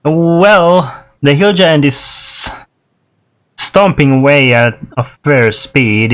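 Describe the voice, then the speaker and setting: Slow-talking man as game master. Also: medium pitch, clear, resonant tone. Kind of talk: narrating a tabletop game.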